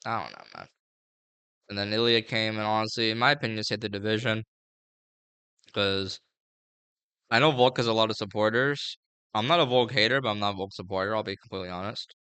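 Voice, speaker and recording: A man's voice: lowish voice, sharp tone, clear, resonant tone, no echo. A man giving a casual, rambling fight breakdown, full of fillers and slang. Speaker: MMA fight previewer.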